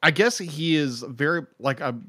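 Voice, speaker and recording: A man's voice: on the high side, expressive, moderate pace, a bit bright, dry recording. Young male co-host, enthusiastic and chatty, dry close recording. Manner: enthusiastic, laughs often, acts out quotes. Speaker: podcast co-host. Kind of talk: casual film review chat.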